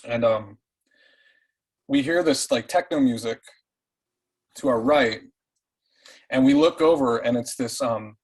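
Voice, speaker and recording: A man with a slightly husky, mid-range voice tells a story to a group on a call. He is loose and animated, swears freely and often restarts his sentences. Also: mid-range voice, slow pace, long pauses, rough recording. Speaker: participant. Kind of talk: casual spoken storytelling.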